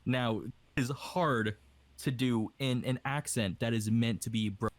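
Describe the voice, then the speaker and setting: A man's voice: medium pitch, measured pace, no echo. A young man from Hawaii, an aspiring voice actor, chatting casually in a rambling way over a voice call. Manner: rambling, casual, with many fillers. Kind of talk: casual podcast chat.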